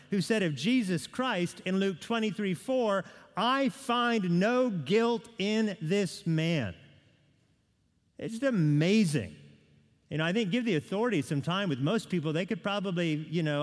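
A man preaching a sermon, talking his listeners through a Bible passage in a conversational way, with asides, questions and restarts. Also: high voice. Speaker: pastor. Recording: long reverb of a church hall.

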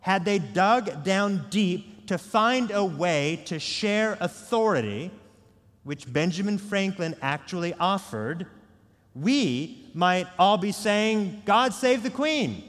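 Slow-preaching man in a big hall. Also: sits high, animated, fairly bright tone. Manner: earnest, measured preaching with prayer. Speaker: pastor. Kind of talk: sermon. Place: large church sanctuary. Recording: long hall reverb.

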